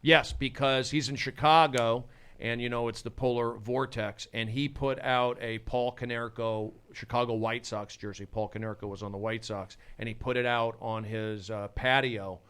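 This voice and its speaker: A man hosting a podcast in casual chat, an excitable and rambling storyteller. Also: mid-range voice, moderate pace, smooth. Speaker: podcast host.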